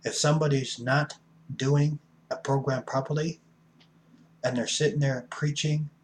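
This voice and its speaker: A man's voice: on the high side, fairly even intonation, unhurried, slight background noise. A middle-aged man giving a blunt, folksy recovery talk as an addiction counselor, preachy and punching certain words hard. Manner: blunt, folksy, preachy with sudden loud emphasis.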